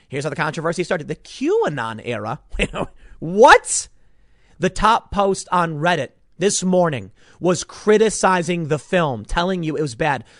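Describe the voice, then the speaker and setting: Indignant man, higher voice, dry sound. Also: fairly bright tone, no echo. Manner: indignant, repeats words and restarts often. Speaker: commentator. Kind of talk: political commentary monologue.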